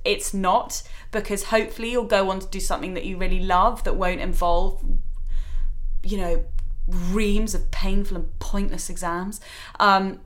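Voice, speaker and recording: A woman chats as a podcast co-host, animated and frank with a joking streak. Her voice sits at a middle pitch. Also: measured pace. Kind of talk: casual chat.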